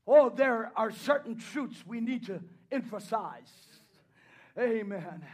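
A man preaching a sermon, swinging between hushed pleading and loud shouted declarations, punctuated by repeated hallelujahs and amens. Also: very high voice, expressive, slow pace.

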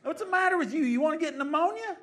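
A man playing a frantic mother who shouts and scolds her children to come back inside. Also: extremely high pitch, expressive, pitched above the performer's own voice. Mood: scolding. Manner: shouting, scolding, rapid questions. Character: frantic scolding mother calling kids indoors.

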